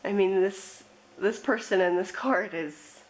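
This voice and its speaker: Slow, emotional woman reading tarot. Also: medium pitch, rough recording. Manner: slow, emotional, reflective, with laughs. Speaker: tarot reader. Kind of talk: pick-a-card tarot reading.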